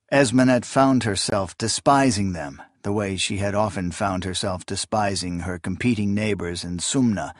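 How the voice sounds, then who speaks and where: Male audiobook narrator, mid pitch, slow deliberate delivery, dry close recording. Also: dry recording. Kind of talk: scripted narration.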